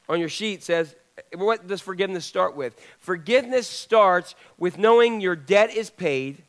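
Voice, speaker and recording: Guy preaching a sermon, kinda high voice, chatty, throws questions at the church. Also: a bit bright. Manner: conversational preaching, asks the congregation questions. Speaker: pastor.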